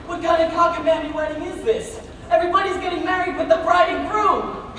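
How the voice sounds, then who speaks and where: A woman's voice: very high voice, steady tone, a little fast, fairly bright tone, a little hiss or hum. A young woman on a school stage playing a fretful older male producer with a weak heart, blustering and exasperated. It is recorded from far off in an echoey auditorium.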